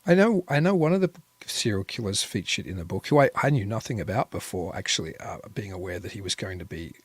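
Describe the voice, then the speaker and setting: A man's voice: on the low side, lively intonation, fast talker, slightly rough, no room sound. Guy hosting a podcast, chatty and upbeat, dry close mic, no room sound. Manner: upbeat, chatty, repeats words. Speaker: podcast host. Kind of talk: casual interview.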